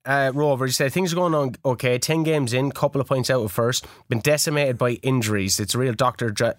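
A man's voice: medium pitch, a little fast, no echo, clean studio sound. A man, co-hosting a podcast, telling a story in casual chat, swearing and laughing often. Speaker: podcast co-host.

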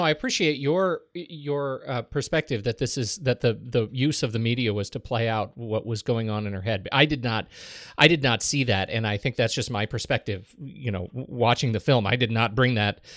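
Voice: medium pitch, fairly bright tone, dry recording. Earnest podcast co-host, dry close sound. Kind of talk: casual film discussion.

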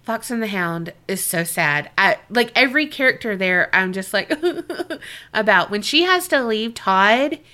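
Bright-voiced woman, laughing often. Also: mid-range voice, measured pace. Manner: expressive, laughs often, swears freely. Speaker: podcast co-host. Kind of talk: casual chat.

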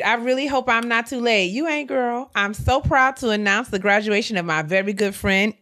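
A woman co-hosting a podcast, reading listener letters aloud with animated, affectionate banter. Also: fairly high pitch, normal speed, few pauses. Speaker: podcast co-host.

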